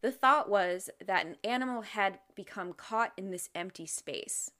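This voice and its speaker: A woman's voice: medium pitch, unhurried, fairly bright tone. A woman co-host telling a spooky story to a friend in a casual chat, often laughing.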